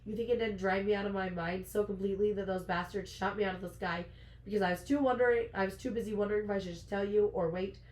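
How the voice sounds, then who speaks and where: A powerful, brooding high lord confesses what he has long kept hidden, as a woman reads his lines from a novel. The voice is pitched a little lower than a plain reading. The room is roomy and echoing. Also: a little mellow, lightly acted. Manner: read aloud from a novel. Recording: roomy echo.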